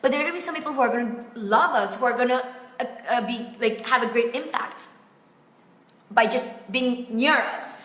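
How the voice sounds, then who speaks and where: High, bright-voiced woman coach. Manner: effusive, heartfelt, peppered with "like". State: close to tears. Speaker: business coach. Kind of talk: Facebook Live coaching talk. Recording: echoey room with long reverb.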